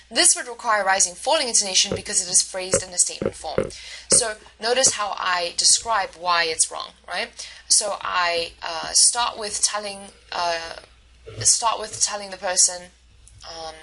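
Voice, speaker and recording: A woman's voice: medium pitch, sharp tone, slight background noise, rough recording. A woman instructor giving a recorded lecture, explaining step by step with fillers and restarts. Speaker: university instructor.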